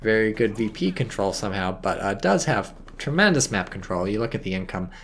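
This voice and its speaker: A tipsy man doing casual, rambling game commentary as a shoutcaster, swearing freely and making self-mocking asides. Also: lowish voice, very animated, fairly quick, slight background noise. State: tipsy from wine.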